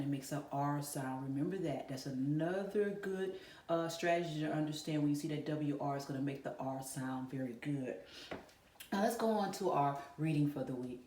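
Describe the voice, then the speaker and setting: A woman's voice: low-pitched, moderate pace, mellow. A woman teacher giving a virtual lesson to kindergarten and first graders, encouraging them and asking them questions. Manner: encouraging, talks directly to children with questions. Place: classroom. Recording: echoey room, voice a bit far from mic.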